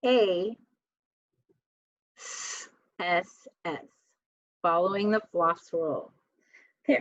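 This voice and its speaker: A woman teaching a slow spelling lesson, sounding out words and letters one at a time. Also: lowish voice, no echo. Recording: dull, dry lo-fi recording.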